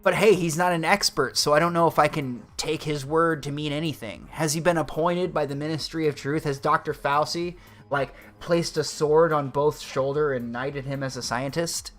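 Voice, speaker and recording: Male livestream host, raised voice, sarcastic rant full of swearing, soft music bed. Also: on the high side, fairly even intonation, moderate pace. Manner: sarcastic, profane ranting. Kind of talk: casual livestream commentary.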